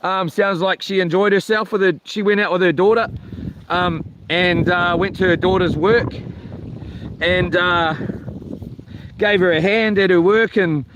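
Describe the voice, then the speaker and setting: At a coastal campsite, a man with a high, steady, fairly bright voice chats unhurriedly for a camping vlog, the audio dull and touched by outdoor wind and noise. He rambles casually with many fillers and some mild swearing.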